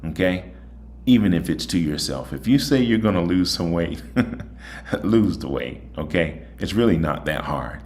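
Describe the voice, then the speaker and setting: Male host, very low voice, folksy and chatty, a bit tired. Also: slight background noise. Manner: chatty, folksy, repeats "okay?". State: voice a little tired. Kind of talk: casual monologue and phone chat.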